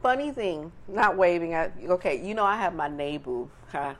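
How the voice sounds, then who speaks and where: A woman in casual conversation, expressive and quick to laugh. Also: on the low side. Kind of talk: casual chat.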